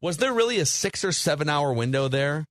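A man hosts a relaxed film-review podcast, walking through scenes with loose, rambling energy. His voice sits a bit high for a man. The sound is dry and close, with no room around it. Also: brisk, no room sound. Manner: animated storyteller, recounting scenes with hedging fillers. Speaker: podcast co-host. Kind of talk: casual movie review chat.

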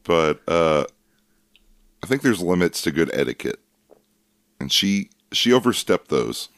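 A man with a very low voice trades deadpan, wry remarks in casual podcast chat. The recording is dry and close, with no room sound. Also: unhurried, dry recording. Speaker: podcast co-host.

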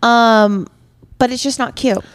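A woman's voice: fairly high pitch, no room sound, clean studio sound. A woman in her late twenties with a Utah accent, co-hosting a podcast in a casual, playful, teasing way on a headset mic. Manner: chatty, playful, quick to tease. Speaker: podcast co-host. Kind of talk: casual chat.

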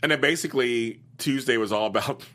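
A podcast co-host with a mid-range voice talks fairly quickly in a casual chat reviewing the week's soap episodes. He's animated, laughs often, and quotes the characters in playful voices.

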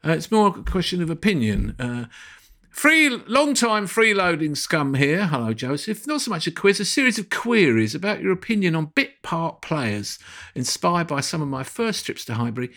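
A man's voice: a little high, big pitch swings, fairly quick, a bit bright. A man hosting a casual podcast chat, reading listener emails aloud with laughs. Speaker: podcast host.

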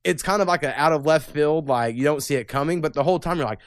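Profane laughing podcast host. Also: male voice, fairly high pitch, fast talker, clear, resonant tone, no room sound, studio quality. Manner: profane, rambling, laughs often. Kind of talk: casual chat.

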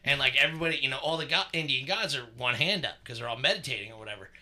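A man's voice: medium pitch, racing, sharp tone. A man co-hosting a podcast, telling a story in casual chat, swearing freely and rambling with lots of fillers. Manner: profane, rambling, full of fillers. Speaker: podcast co-host.

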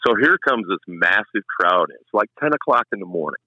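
The audio has no room sound and its highs are cut off. Through it comes a brisk, lowish male voice: a middle-aged, longtime race track announcer telling stories casually and animatedly acting out what people said.

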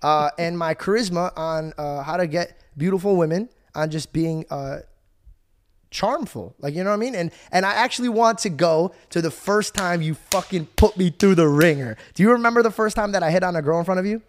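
A young man hosting a podcast, telling a story in an excitable, casual way, swearing freely and acting out the voices of the people he quotes. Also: sits high, fairly quick. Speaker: podcast host.

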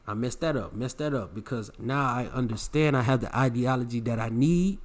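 A man's voice: mid-range voice, brisk, hardly any pauses. A young man hosting a podcast, talking in a brash, preachy, swaggering way full of slang. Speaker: podcast host. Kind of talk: preachy self-help podcast monologue.

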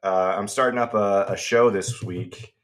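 A man's voice: lowish voice, fairly even intonation, a little slow. A man co-hosting a film podcast, talking casually with hesitations and stammered restarts. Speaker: podcast co-host. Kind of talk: casual chat.

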